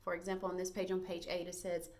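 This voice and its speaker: A woman's voice: fairly low pitch, completely flat delivery, a little mellow. Woman teaching young kids to read. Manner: slow, encouraging, clearly sounded words for small children. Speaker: first grade teacher. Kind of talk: recorded reading lesson for young children.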